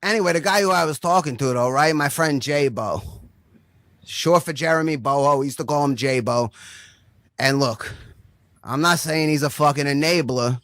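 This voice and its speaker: A man's voice: fairly high pitch, moderate pace, fairly bright tone, dry recording, studio quality. A man telling a long, crude comic story, rambling and profane, checking in with "right?" again and again.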